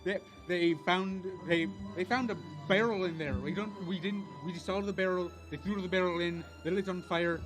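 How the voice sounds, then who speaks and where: A man's voice: sits high, steady tone, moderate pace, few pauses, music in the background, lightly acted. A man voicing a bumbling pirate posing as a guard, in a put-on Irish accent. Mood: bluffing.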